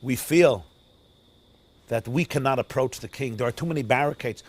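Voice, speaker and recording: Rabbi telling a story, big dynamic swings, Yiddish and Hebrew words sprinkled in, mid-pitch male. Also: normal speed, breathy edge, dry recording. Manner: dramatic, swinging between loud and hushed, Yiddish and Hebrew words mixed in. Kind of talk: sermon storytelling. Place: outdoors near a forest.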